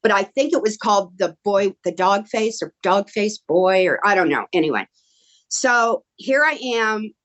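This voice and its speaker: A middle-aged woman telling stories in a casual interview, animated and excitable, acting out quoted dialogue. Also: medium pitch, normal speed, lo-fi sound. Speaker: guest actress. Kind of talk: casual storytelling.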